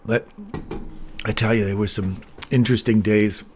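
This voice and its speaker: A man's voice: lowish voice, fairly even intonation, normal speed, darkish tone, slight background noise. A man hosting a livestream, casually telling rambling anecdotes with chuckles and plenty of fillers. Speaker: trading livestream host.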